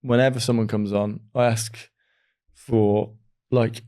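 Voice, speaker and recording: A man's voice: fairly low pitch, flat delivery, a little slow, warm tone. Upbeat guy from the midlands hosting a podcast, easy casual chat. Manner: chatty and enthusiastic, laughs often. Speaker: podcast host.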